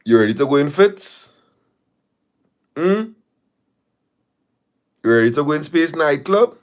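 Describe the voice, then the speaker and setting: A man's voice: a little high, expressive, measured pace. Emphatic man ranting on stream. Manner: emphatic, repeats phrases and fires rhetorical questions. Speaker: live-stream host. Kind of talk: casual live-stream talk.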